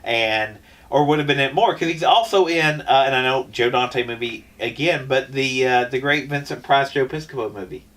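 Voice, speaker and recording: A man's voice: medium pitch, normal speed, a bit bright, distant mic. A man co-hosting a podcast in casual chat, rambling with frequent restarts. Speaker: podcast co-host.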